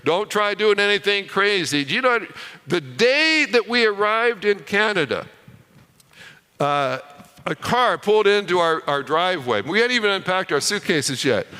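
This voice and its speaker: A man preaching a sermon in a big reverberant hall. His voice is bright and crisp, a little higher than most. He tells a story and drops to a hush on the key lines. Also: big pitch swings, a little slow.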